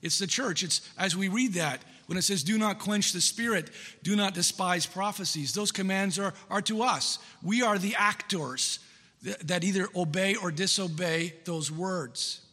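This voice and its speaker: Man, preacher, sermon, earnest and emphatic, repeats key lines, bright tone, long reverb. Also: sits high, normal speed.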